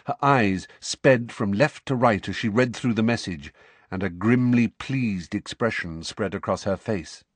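A man reading a novel aloud as an audiobook narrator, with an expressive storytelling delivery. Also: lowish voice, measured pace, no room sound.

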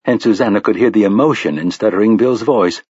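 A man reads a novel aloud in a calm, measured way. His voice has a slight husky edge. The recording is dry and a bit dull, with little room sound. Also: fairly low pitch, no echo. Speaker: audiobook narrator. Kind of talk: scripted narration.

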